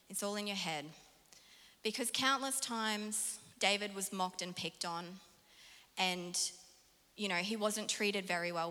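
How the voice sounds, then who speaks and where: A woman preaching a sermon from personal stories, animated and self-mocking, laughing often. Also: medium pitch. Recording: long hall reverb.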